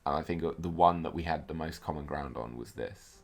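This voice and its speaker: Very deep-voiced laid-back man. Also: brisk, faint music behind. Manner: laid-back, trailing off into quiet asides. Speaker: film commentary co-host. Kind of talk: casual film commentary chat.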